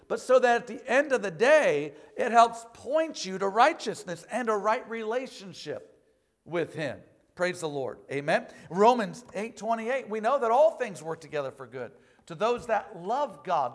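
Preacher guy with a high voice, keeps asking amen, reads old bible wording. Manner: preachy call-and-response with frequent "amen"; quotes scripture in old King James wording. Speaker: pastor. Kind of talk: sermon.

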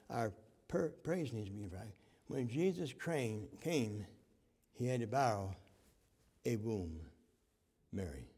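A man preaching a sermon, fervent, swinging from loud to hushed. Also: medium pitch, creaky, breathy edge. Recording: long hall reverb.

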